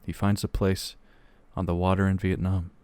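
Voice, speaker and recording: A man's voice: deep voice, flat delivery, normal speed, darkish tone, clear, resonant tone, dry recording. A young man co-hosting a podcast, reading a long joke aloud in casual chat, laughing as he goes and swearing casually. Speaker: podcast co-host.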